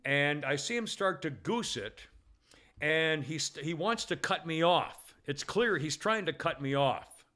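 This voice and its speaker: A man hosting a podcast, telling a long story in casual chat with many restarts and false starts, getting loud as he gets worked up. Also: on the high side, animated, measured pace. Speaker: podcast host.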